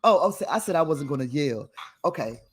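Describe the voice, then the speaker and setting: A woman's voice: low voice, lively intonation, a little fast, breathy edge. A woman hosting a livestream, talking casually and emphatically to her viewers, often laughing and sounding preachy. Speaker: livestream host.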